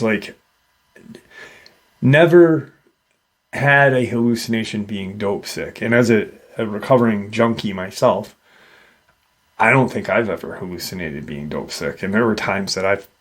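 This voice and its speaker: A man narrates a strange encounter for his paranormal channel, pausing often and restarting his sentences. He speaks slowly, and his voice sits fairly low. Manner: halting, with many fillers and restarts. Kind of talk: retelling a witness encounter.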